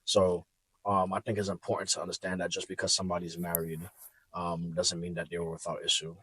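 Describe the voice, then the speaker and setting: Husky-voiced young man talking candidly. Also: deep voice, monotone, brisk, bright, forceful tone. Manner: candid, reflective, many fillers. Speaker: podcast guest. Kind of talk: casual conversation.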